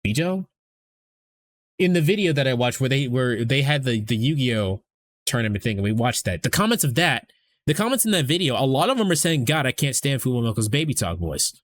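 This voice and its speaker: A man's voice: medium pitch, very animated, fairly quick. A young man talks loosely to his stream audience in a mid-range voice, tripping over restarts and dropping swear words. His delivery is casual and rambling. Faint noise hums behind him. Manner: rambling, swears freely, many fillers and restarts.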